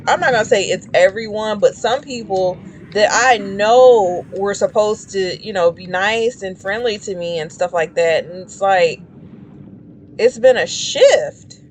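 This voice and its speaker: A woman's voice: medium pitch, expressive, measured pace, slight background noise. A woman chatting casually while streaming a game, rambling and shrieking when startled. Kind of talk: casual gameplay commentary.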